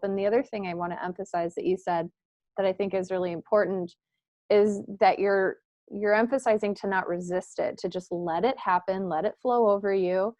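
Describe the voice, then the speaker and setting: A woman hosting an interview, asking thoughtful, measured questions over a video call. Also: mid-range voice, dry recording. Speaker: host.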